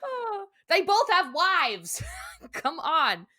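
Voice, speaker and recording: A woman's voice: extremely high pitch, huge pitch swings, drawn-out words, sharp tone. A woman guest on a casual podcast, talking with enthusiasm, laughing often and acting out lines from a cartoon.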